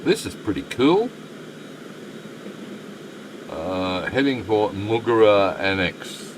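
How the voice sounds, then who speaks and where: Low, unhurried Australian man streaming. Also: lively intonation, background noise. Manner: chatty, muttering asides to the game. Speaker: game streamer. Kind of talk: live stream commentary, reading chat.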